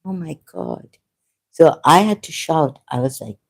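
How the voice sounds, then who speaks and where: A woman's voice: low voice, animated, measured pace. A woman talking in an unscripted monologue as an online commentator, impassioned and rambling, often repeating herself.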